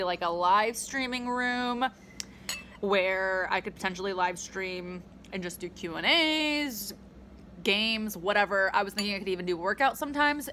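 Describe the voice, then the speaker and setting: A woman's voice: mid-range voice, normal speed, long pauses, pushed and bright, a little hiss or hum. Blunt, rambling young woman vlogger. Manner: blunt, swears freely, rambling with many ums. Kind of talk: casual vlog chat. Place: her bedroom, indoors.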